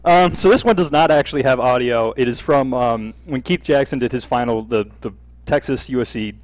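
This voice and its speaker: A man co-hosting a live sports chat show, easygoing and quick to laugh. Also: mid-range voice, no echo, low-quality recording. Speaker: podcast co-host. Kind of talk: casual chat.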